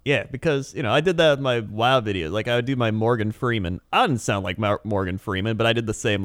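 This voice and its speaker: A man in casual chat as a podcast co-host, laid-back and rambling, full of fillers and quick laughs. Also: on the low side, fairly bright tone, no echo, clean studio sound.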